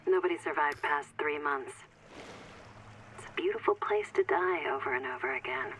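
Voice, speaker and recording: A deadpan, grim game ecologist. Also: female voice, sits low, normal speed, slight background noise, low-quality recording. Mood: sardonic. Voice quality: dry, deadpan with whispered asides. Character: grim, sardonic woman ecologist survivor. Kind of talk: video game voice acting.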